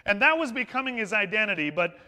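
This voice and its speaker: High, bright-voiced male pastor preaching. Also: sing-song, fast talker. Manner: conversational, anecdotal, warm humor. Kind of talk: storytelling sermon. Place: church sanctuary. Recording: long hall reverb in a church.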